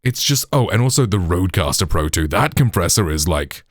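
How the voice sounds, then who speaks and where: A man's voice: low-pitched, animated, a little fast, no echo. A British man hosting a tech tutorial, explaining in a chatty way full of "like", "you know" and "right", through a processed studio microphone.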